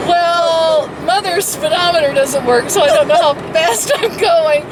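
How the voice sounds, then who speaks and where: A woman's voice: extremely high pitch, measured pace, few pauses, a loud crowd. An older woman hosting her own vlog in chatty, self-mocking talk, laughing often. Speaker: vlog host. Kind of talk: casual vlog chat. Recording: distant voice with background noise.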